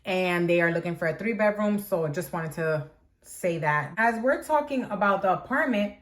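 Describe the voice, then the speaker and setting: A woman's voice: lowish voice, lively intonation, normal speed. A young woman vlogger telling a storytime tale in a chatty, dramatic way, full of fillers like "like". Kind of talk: storytime vlog.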